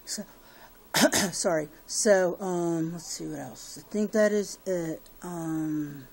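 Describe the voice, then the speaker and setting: A woman's voice: fairly low pitch, takes it slowly, vocal fry. A woman giving a casual personal update to her viewers, rambling with many fillers and restarts. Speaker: vlogger.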